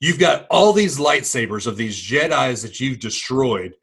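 A man's voice: mid-range voice, expressive, measured pace, creaky, fairly bright tone, breathy edge. A man co-hosting a podcast, talking casually with blunt, teasing remarks and short agreements. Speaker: podcast co-host. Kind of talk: casual chat.

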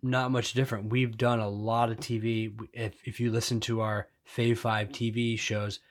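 A man's voice: mid-range voice, level tone, moderate pace. A man co-hosting a podcast, chatting casually and joking with his wife. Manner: joking, conversational. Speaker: podcast co-host. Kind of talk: casual chat.

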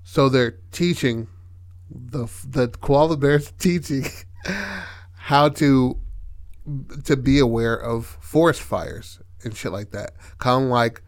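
A man's voice: mid-range voice, slow pace. A man hosting a podcast in casual chat, laid-back and profane, often checking in with "right?". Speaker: podcast host.

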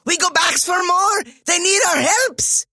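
A man voicing an excitable little female creature in an audiobook, squeaky and breathless, with broken grammar. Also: measured pace, no echo, studio quality, exaggerated voice. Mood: frantic. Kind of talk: audiobook character voice.

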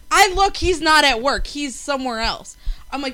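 A woman telling a story in casual chat, excitable and swearing freely. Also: high-pitched, moderate pace.

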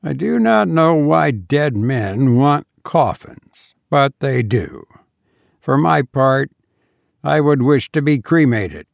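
A man's voice: medium pitch, sing-song, creaky, no echo, clean studio sound, full character voice. A man reading aloud, voicing a suave, polite, sinister undertaker in a storybook reading. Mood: suave, pleasant. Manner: suave, pleasant, measured.

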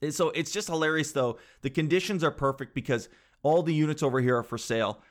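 A young man telling a story in a casual, animated way, swearing freely and acting out what others said. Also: fairly high pitch, quick pace. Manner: animated, swears freely, acts out quoted voices.

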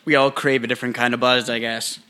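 Young male co-host, wry deadpan asides, bright forceful voice. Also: medium pitch, fast, clean tone. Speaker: podcast co-host. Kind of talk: casual banter.

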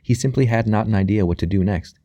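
A male audiobook narrator with a low, mellow voice, reading a classic novel in a measured, even way. The recording is close and dry, with no room sound. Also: no echo.

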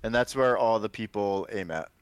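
A man's voice: fairly low pitch, normal speed, clean tone, no echo. A man co-hosting a podcast in a casual chat, who asks questions and reads out facts. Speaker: podcast co-host.

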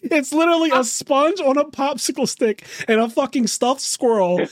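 High-voiced man in an excited, casual chat. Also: normal speed, no echo, studio quality. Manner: excitable, profane, laughs often.

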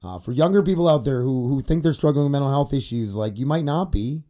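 Speaking fast and expressively with a warm, mid-range voice, a young podcaster shares a candid confessional vlog to camera from an indoor studio set. He rambles and swears, leans on many fillers, and is occasionally tearful.

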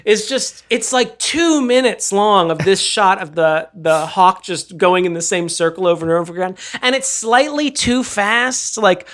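A woman co-hosting a casual podcast chat. She talks in an animated way, swears often and laughs mid-sentence. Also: medium pitch. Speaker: podcast co-host.

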